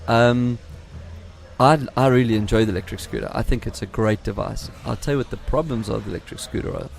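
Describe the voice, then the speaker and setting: An Australian man with a gravelly, fry-tinged voice co-hosts a relaxed tech radio show. He teases and jokes in quick back-and-forth banter. A faint hiss sits under his voice. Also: mid-range voice. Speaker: co-host. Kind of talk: casual chat. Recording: radio podcast with faint background noise.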